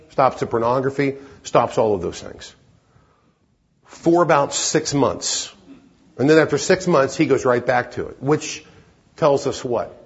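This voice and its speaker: A man's voice: mid-range voice, highs cut off. A man preaching a sermon in an earnest, emphatic way that climbs into urgent pleading.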